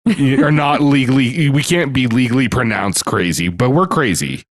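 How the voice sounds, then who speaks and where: A man's voice: mid-range voice, lively intonation, normal speed, no echo. A man hosting a podcast, joking around with plenty of swearing. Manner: profane, joking. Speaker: podcast host. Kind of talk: casual chat.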